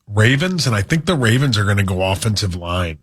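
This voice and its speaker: A man co-hosting morning radio in a relaxed, agreeable way. His voice is low with a husky grain. He talks like a regular at the studio table. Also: brisk. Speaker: radio co-host.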